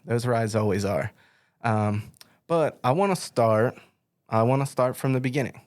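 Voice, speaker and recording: A man's voice: medium pitch, normal speed, a little mellow. A middle-aged man hosting an interview, chatting casually and telling stories with lots of fillers and restarts. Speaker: podcast host.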